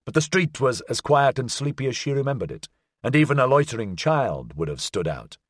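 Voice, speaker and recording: A male narrator reading a novel with measured, expressive delivery and wide, lively swings in pitch. The sound is close and dry, with no room around it. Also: dry recording. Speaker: audiobook narrator. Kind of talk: scripted narration.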